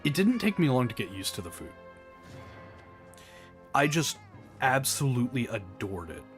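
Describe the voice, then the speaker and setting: A man from the American South with a Southern accent, casually chatting while playing a game, rambling through animated asides. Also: mid-range voice, moderate pace, soft background music. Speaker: gameplay commentator. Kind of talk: casual gameplay chat.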